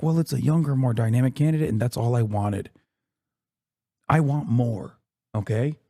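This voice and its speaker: Man, 30s, streamer; mellow, dry voice, swearing and exasperated, reading out his chat. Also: medium pitch, breathy edge, no echo. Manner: profane, exasperated, talks straight to chat with repeated "okay?"; whisper-screams to keep from waking a neighbor. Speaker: streamer reacting to a speech. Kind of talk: heated live-stream rant to chat.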